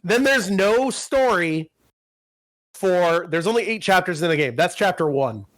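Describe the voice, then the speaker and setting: Male podcast co-host, higher voice, rambling and profane recaps. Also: lively intonation, measured pace, a bit bright, dry recording. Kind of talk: casual chat.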